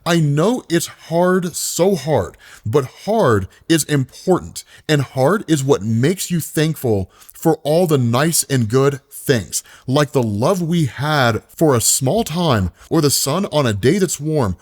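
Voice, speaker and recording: Guy reading out a young woman's goodbye letter from beyond, slow and soft and wistful. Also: fairly high pitch, animated. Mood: tender. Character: dead young woman writing a tender farewell letter.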